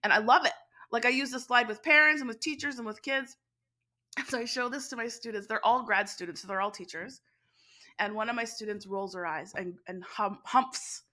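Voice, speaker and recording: A middle-aged woman, an education instructor telling a story as an interview guest, animated and quick to laugh. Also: a little high. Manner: animated, laughs often, speeds up when excited. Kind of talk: conversational storytelling.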